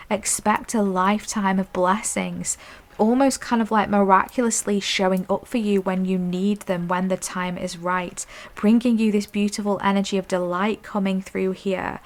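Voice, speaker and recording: A woman giving a soft, affirming pick-a-card tarot reading, often checking in with "okay?" and "I'm hearing.". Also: medium pitch, steady tone, moderate pace. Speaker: intuitive tarot reader.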